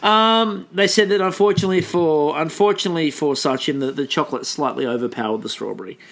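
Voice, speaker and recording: A man's voice: on the high side, quick pace, gravelly, a bit bright. An Australian man co-hosting a casual podcast, joking and laughing often as he chats. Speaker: podcast co-host. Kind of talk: casual chat.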